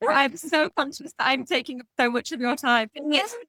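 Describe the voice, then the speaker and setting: A woman's voice: sits high, moderate pace, bright, forceful tone, no room sound. Effusive Yorkshire woman hosting a podcast. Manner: enthusiastic, agreeable, effusive. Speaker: podcast host. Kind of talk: casual podcast interview.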